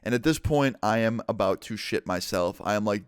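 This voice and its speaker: A man's voice: lowish voice, fairly quick, hardly any pauses, clear, resonant tone, no room sound, studio quality. A young man in a vlog, telling a personal story in a casual, filler-heavy way. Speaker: vlogger.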